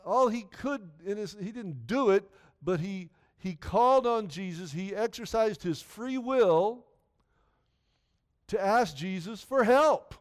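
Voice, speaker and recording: A man delivering a sermon with a high, clear, resonant voice. He speaks earnestly and conversationally, circling back and repeating phrases as he works through scripture. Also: animated, takes it slowly. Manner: earnest, repetitive, conversational preaching. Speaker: pastor.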